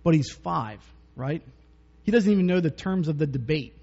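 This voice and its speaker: A pastor preaches a sermon in a conversational, joking way, telling personal stories and chuckling often. His voice sits on the high side, expressive and creaky with a darkish tone, at normal speed. The recording is dull and muffled with long reverb.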